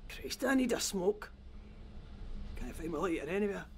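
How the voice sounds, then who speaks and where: An actor playing a blunt, sweary Scottish oil rig worker in a video game, grumbling in a matter-of-fact way. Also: male voice, high voice, big pitch swings, moderate pace, slight background noise. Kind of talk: game voice acting.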